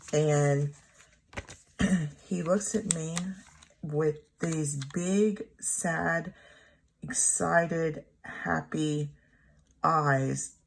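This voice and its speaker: A woman in her thirties telling a personal story at home in a rambling, halting way, often correcting herself. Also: low voice, vocal fry. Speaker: planner vlogger. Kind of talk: casual storytelling while journaling. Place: home room.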